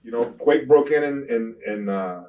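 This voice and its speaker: An older man, a retired wrestler, telling rambling profane stories in an interview, often saying "you know what I'm saying" and getting loud when he retells fights. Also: medium pitch, moderate pace, recorded from a distance, narrow, tinny audio. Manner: grows loud and animated when retelling confrontations. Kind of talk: shoot interview storytelling.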